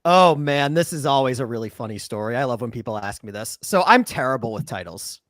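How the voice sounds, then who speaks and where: A man's voice: mid-range voice, animated, fairly quick, fairly bright tone, no room sound, clean studio sound. A man, an author, chatting casually on a podcast, self-deprecating and laughing often. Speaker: author guest.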